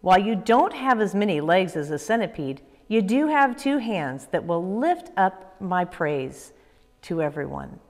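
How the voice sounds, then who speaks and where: A woman voicing God as a calm, fatherly speaker in a children's Bible story, speaking slowly and softly. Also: on the low side. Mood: gentle. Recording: echoey room with long reverb.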